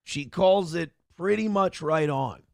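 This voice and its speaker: A man's voice: fairly high pitch, a little slow, gravelly, no echo, clean studio sound. A man hosting a livestream, ranting combatively and sarcastically at his critics, mocking their voices. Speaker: livestream host.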